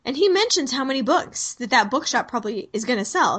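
A woman with a slightly high voice recaps a film on a podcast. She is wry and chatty and slips into the characters' lines as she goes. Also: very animated, a little fast, a bit bright, slightly rough. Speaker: podcast co-host. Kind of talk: casual movie recap chat.

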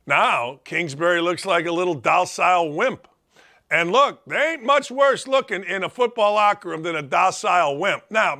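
A man hosting a sports talk show, delivering a blunt, emphatic, opinionated monologue and repeating his points for punch. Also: high voice. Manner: blunt, emphatic, repetitive, acts out shouted quotes.

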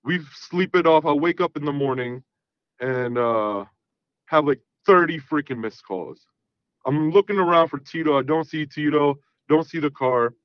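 On dull audio with no echo, a caller in his thirties casually tells a long story on a call-in show. He speaks at normal speed in a voice on the high side, rambling and repeating fillers such as "you know what I mean."

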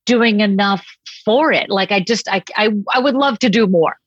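A woman from Boston, a comedian chatting as a podcast guest, with an old-fashioned 1940s-style voice and an animated storytelling manner, on a slightly dull lo-fi recording. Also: medium pitch, normal speed, slightly rough, no echo. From Boston, USA. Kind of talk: casual interview chat.

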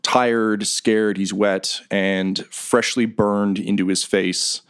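Low-voiced man running a tabletop game. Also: slow, clean tone. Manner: relaxed, filler-heavy storytelling. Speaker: game master.

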